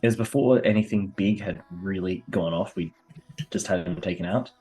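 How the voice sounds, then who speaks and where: A man co-hosting a livestream as a player, with a sore throat, talking quietly and close to the mic. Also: low-pitched, normal speed, slightly rough, faint music behind. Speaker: co-host and player. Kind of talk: casual livestream chat.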